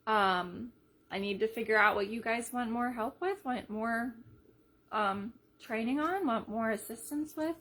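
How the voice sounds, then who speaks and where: A woman's voice: fairly high pitch, measured pace. Chatty upbeat woman leading her team. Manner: chatty, retells conversations, energetic. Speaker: team leader. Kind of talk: casual live video pep talk.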